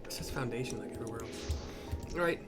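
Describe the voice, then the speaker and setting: A man's voice: mid-range voice, quick pace. Casual rambling gameplay narrator, man. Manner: rambling, self-correcting, casual. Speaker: game playthrough narrator. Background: game music.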